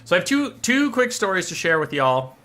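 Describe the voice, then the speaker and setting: Young male streamer, casual and foul-mouthed, with a bright, sharp tone. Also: high-pitched, fairly quick. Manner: animated, profane storytelling. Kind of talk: casual live-stream chat.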